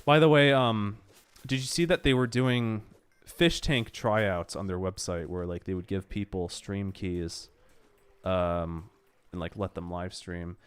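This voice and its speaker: A man's voice: deep voice, steady tone, a little slow, clear, resonant tone. A young man streaming a game, rambling and swearing with mock exasperation, nose running from allergies. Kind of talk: casual game stream chatter.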